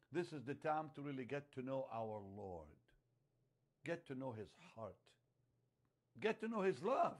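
A man preaching a sermon, emphatic and repetitive, dropping to a hush and then rising loud on key phrases. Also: mid-range voice. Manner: emphatic, repeats phrases, swings from hushed to loud.

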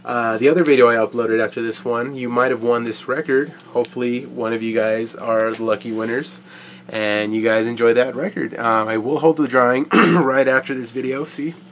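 A man with a stuffy, congested voice from allergies, chatting casually to camera about his vinyl records. He rambles with fillers and swears easily, and keeps clearing his throat. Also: medium pitch, steady tone, normal speed, slight background noise. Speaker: vinyl record collector vlogger.

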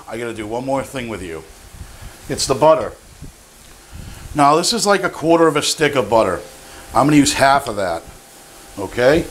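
A man's voice: mid-range voice, slight background noise. A man hosting a cooking show, demonstrating a recipe in a playful, jokey and enthusiastic way.

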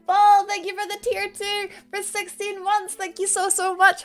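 Young female streamer, high-pitched, playful and upbeat, casual chat. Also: moderate pace, soft background music. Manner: bubbly and playful, jokes with chat. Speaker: live streamer. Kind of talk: casual chat greeting viewers.

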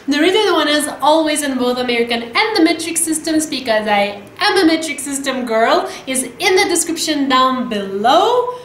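A woman cooking and tasting food on her vlog, talking to the camera in a gushing, excitable way. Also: moderate pace, roomy sound, a little hiss or hum. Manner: gushing, excitable, breaks into squeaky voice. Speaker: cooking vlogger. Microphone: camera mic, some distance away.

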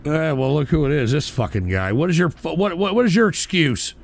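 A man hosting a call-in stream show, ranting abrasively, hurling insults and often bursting into shouts while drinking beer. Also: fairly high pitch, big pitch swings, fairly quick, vocal fry. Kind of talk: profane live-stream rant.

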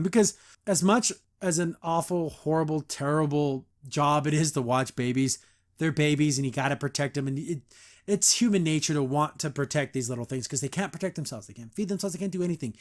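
A man's voice: fairly high pitch, a little fast. A man hosting a podcast, giving a casual, rambling episode review full of "like"s and laughs. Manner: animated, rambling, frequent laughs and "like". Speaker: podcast host.

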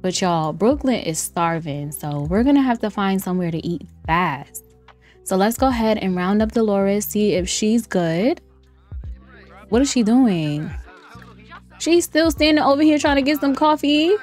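A woman's voice: mid-range voice, animated, a little slow, a little mellow. Chatty woman laughing through game commentary. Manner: chatty and playful, laughs often, talks to viewers as "y'all". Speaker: gameplay streamer. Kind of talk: casual let's-play commentary. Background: faint lo-fi music.

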